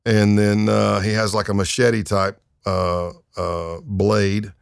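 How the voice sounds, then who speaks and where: A man in his fifties, a retired undercover agent, tells his story casually as a podcast guest in a lowish, gravelly voice with a clean tone. He speaks slowly and animatedly, acting out quoted voices and using lots of fillers, recorded with clean studio sound and no echo.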